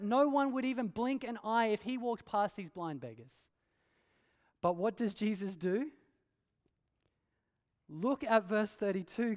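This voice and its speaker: A man preaching an earnest sermon, asking rhetorical questions and pressing his points with emphasis. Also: high voice. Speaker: pastor. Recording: long hall reverb.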